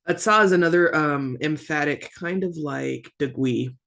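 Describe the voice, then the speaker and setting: A teacher drills pronunciation at an extremely slow, deliberate pace, saying each phrase twice. The pitch sits in the middle range. Between phrases the teacher often clears their throat and slips in casual, self-deprecating remarks. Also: a bit bright. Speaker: language teacher.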